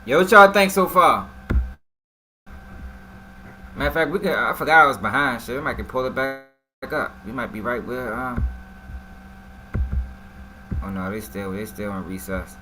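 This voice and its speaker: A man's voice: mid-range voice, normal speed, long pauses, soft background music. A man giving slangy, casual commentary to his live-stream viewers, often asking what they think. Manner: slangy, animated, talks straight to the viewers.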